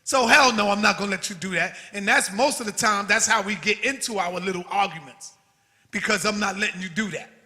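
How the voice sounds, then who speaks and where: A man's voice: high voice, fairly quick, bright, forceful tone, in a large hall. A man hosting his own channel, delivering a defiant, profane rant to his audience. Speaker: channel host. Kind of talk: heated livestream rant.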